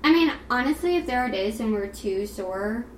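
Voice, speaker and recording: A woman's voice: fairly high pitch, lively intonation, normal speed. A young woman co-hosting a podcast in casual chat, rambling and laughing with lots of "like.". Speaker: podcast co-host. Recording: roomy sound, faint background noise.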